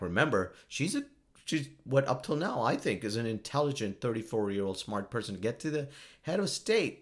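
A man giving a casual, joking commentary monologue, often laughing at himself. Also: medium pitch. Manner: joking, self-mocking, frequent laughs. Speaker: vlogger.

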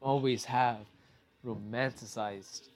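A man's voice: mid-range voice, takes it slowly, soft background music. A young adult man hosting a podcast, telling stories in a casual, rambling way with lots of swearing. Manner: profane, rambling, animated storytelling. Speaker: podcast host. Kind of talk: casual storytelling monologue.

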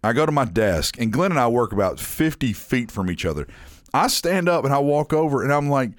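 A man's voice: medium pitch, brisk, dry recording, clean studio sound. A man co-hosting a casual chat show, telling stories with lots of swearing and acting out what people said. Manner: animated storyteller, acts out quotes with lots of swearing. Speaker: co-host.

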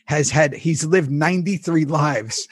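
A man co-hosting a casual chat, retelling a plot excitedly, swearing freely and laughing often. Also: on the high side, a little slow, husky, dry recording, studio quality. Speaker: podcast co-host, former cast member.

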